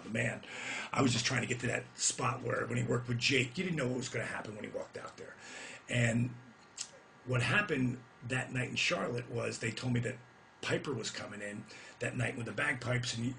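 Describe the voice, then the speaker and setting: A middle-aged man, a retired pro wrestler, telling his own career stories in a casual, animated and profane rant that gets loud as he relives big moments. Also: mid-range voice, gravelly, slight background noise.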